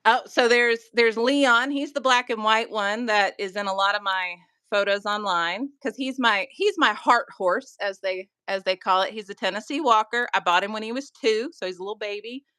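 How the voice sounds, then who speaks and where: Bright-voiced Southern woman chatting. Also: medium pitch, moderate pace, few pauses, clean tone, dry recording, studio quality. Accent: Southern US, mild. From Georgia, US. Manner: chatty, self-deprecating, laughs often. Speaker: guest crafter. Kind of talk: casual livestream chat.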